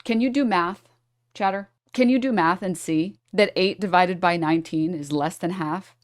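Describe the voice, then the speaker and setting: A woman's voice: on the low side, normal speed, no room sound, studio quality. A woman from New York streaming live, talking to her chat and thinking aloud over charts in a sarcastic, condescending tone.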